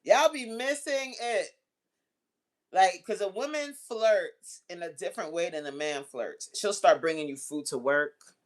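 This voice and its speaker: Blunt, animated woman host chatting. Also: deep voice, normal speed. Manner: animated, blunt and profane, laughs often; acts out quoted voices while telling stories. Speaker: host answering chat messages. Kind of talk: casual livestream chat.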